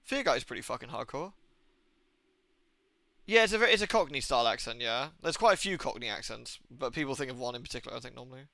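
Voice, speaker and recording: A young man with an accent that mixes Birmingham and Southwest England, joking loosely with chat as he plays. His voice is bright and bouncy, rising and falling a lot. The sound is dry and close. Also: mid-range voice, lively intonation, fast, vocal fry, no room sound. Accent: mix of Birmingham and Southwest England. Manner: chatty, jokey, laughs often. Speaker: streamer. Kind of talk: casual gaming commentary.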